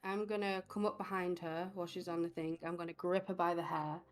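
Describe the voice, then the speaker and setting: A woman's voice: on the low side, level tone, a little fast, faint music behind. A woman playing a tabletop game, stating her character's actions bluntly and swearing freely. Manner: blunt and profane, states actions firmly. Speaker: player. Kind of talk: casual tabletop game talk.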